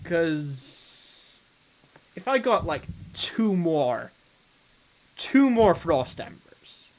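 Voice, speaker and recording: A man's voice: fairly high pitch, big pitch swings, very slow. A young man streaming a game, thinking aloud to his chat and bragging playfully about his runs. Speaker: gaming streamer. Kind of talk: live game commentary to chat.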